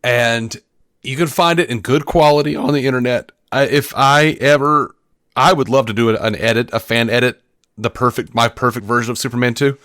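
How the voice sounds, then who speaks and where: A middle-pitched man co-hosts a film podcast, recounting scenes with lively energy, frequent profanity, and acted-out movie lines. He talks at a normal speed in a casual review chat. The audio is close and dry, with no room around it.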